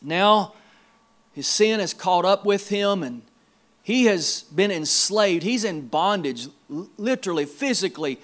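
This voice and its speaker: A male pastor preaching a sermon in a church service, emphatic, repeating words and swinging between quiet and loud. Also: high-pitched, lively intonation, unhurried.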